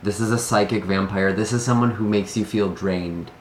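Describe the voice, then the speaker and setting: A man's voice: fairly low pitch, fairly even intonation, normal speed, slight background noise. A man giving an earnest, emotional tarot reading to camera, often sighing between thoughts. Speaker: tarot reader. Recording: echoey room.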